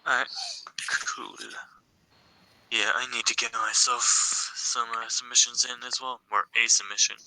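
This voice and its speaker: A man calling in to a gaming stream, chatty and joking, with filler pauses. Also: mid-range voice, flat delivery, sharp tone, low-quality recording. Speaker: caller. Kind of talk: casual chat.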